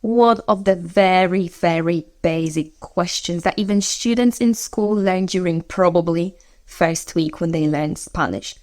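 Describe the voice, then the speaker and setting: Woman teaching beginner phrases. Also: fairly low pitch. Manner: clear, patient explaining, lifts voice for each numbered question. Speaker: language teacher. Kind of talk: spoken language lesson.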